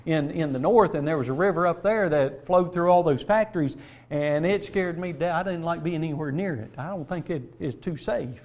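Earnest and folksy, a man with a high-pitched voice delivers a sermon, reads passages of scripture, and poses rhetorical questions to those listening. The audio sounds dull.

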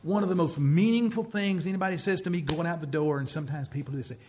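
A man's voice: a little high, fast talker, a little mellow, slight background noise. A man preaching as pastor, telling stories and acting out the voices of people he quotes. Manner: storytelling preacher who acts out quoted speech. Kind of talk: sermon.

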